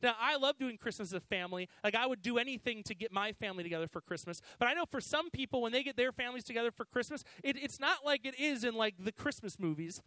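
A man's voice: very high-pitched, animated, quick pace, few pauses, sharp tone, no room sound, poor audio. A man giving a conversational sermon to students, with frequent "you know"s and restarts. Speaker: youth pastor.

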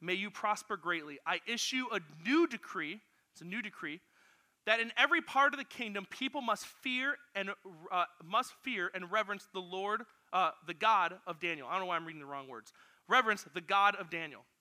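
A man's voice: sits high, expressive, a little fast, bright, forceful tone. A man preaching to a youth group, energetically directing volunteers as he acts out a Bible story. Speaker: youth pastor.

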